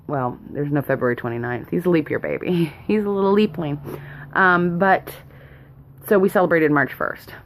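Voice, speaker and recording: Young mom rambling at home, low voice, nervous, little laughs, faint hiss behind. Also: female voice. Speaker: vlogger, mother. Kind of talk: casual rambling chat. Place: home, indoors.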